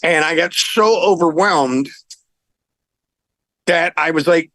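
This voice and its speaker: Animated middle-aged rock singer telling stories. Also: male voice, on the high side, slow, no room sound, low-quality recording. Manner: animated, laughs while telling anecdotes. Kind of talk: casual storytelling interview.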